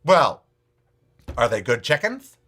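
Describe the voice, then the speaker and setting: A man voicing a picky woman shopper who questions a butcher, in a lowered voice for a told joke. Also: very animated, slow pace, pushed and bright, slightly rough, exaggerated voice. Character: fussy older woman shopper at a deli.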